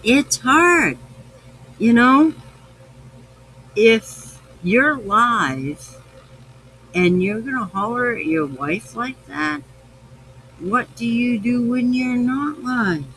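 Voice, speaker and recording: A man's voice: very high voice, expressive, very slow, long pauses, sharp tone, slight background noise, poor audio. A tipsy man hosting a live podcast, rambling, swearing freely and affectionate. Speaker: podcast host. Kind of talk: casual live-stream chat.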